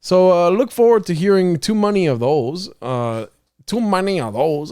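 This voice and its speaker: A man's voice: on the high side, lively intonation, normal speed, dark tone, clean tone. A young man hosting a casual solo podcast, rambling, joking at his own expense and laughing often. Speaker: podcast host.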